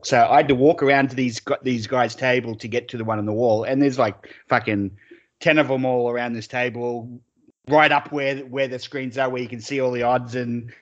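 The lo-fi audio features an Australian podcast co-host with a medium-pitched voice. Chatting casually, he wanders through anecdotes, swearing a lot and laughing often.

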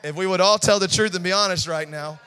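Man, pastor, emphatic sermon, very high voice, shouted sing-song peaks, quiet asides. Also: quick pace, clean tone. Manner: acts out quoted voices with stammers and laughs.

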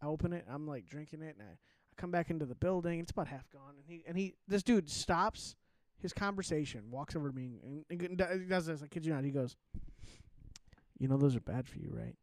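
A young man co-hosting a podcast, telling stories in a casual, animated way and acting out the people he quotes. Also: a little high, fast talker, dry recording. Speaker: podcast co-host. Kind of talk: casual chat.

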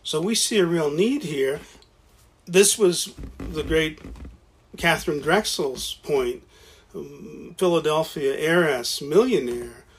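A man with a somewhat high, slightly rough voice speaks slowly in casual conversation about founding a college. He often stops and restarts, repeating words as he goes.

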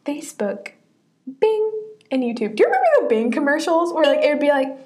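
A woman's voice: high-pitched, big pitch swings, fairly quick, darkish tone. A young woman co-hosting a podcast, chatting casually, giggling and acting out quotes. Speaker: podcast co-host. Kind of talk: casual chat.

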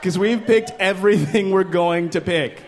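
A man in his thirties doing stand-up comedy, animated and profane, slipping into exaggerated voices. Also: high voice, normal speed, slight background noise. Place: live comedy stage.

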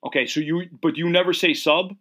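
A man's voice: a little high, steady tone, fairly quick, a bit bright. Rambling man from Connecticut. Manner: rambling, restarts often, says "dude". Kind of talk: casual chat.

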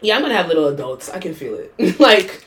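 Animated, profane woman chatting. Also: fairly low pitch, fast talker. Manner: animated, profane, laughs often. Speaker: podcast co-host. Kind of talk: casual chat.

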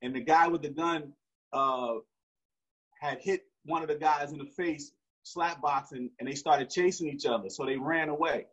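A man's voice: a little high, normal speed, a bit bright, slightly rough. A man, telling a story in slangy street talk with frequent restarts. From Newark, New Jersey. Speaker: interview guest. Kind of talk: casual storytelling. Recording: dull lo-fi recording.

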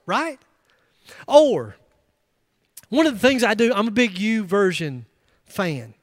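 High-voiced middle-aged male pastor, emphatic sermon delivery with loud peaks and humorous asides, dry close sound. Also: lively intonation, slow pace, long pauses, no echo. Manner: emphatic, rising to loud bursts with joking asides.

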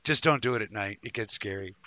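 Man, live show host, rambling, jokey, bright tone, dry close sound. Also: fairly low pitch, fast talker, dry recording. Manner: rambling, jokey, stumbling restarts. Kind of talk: casual live-show chat.

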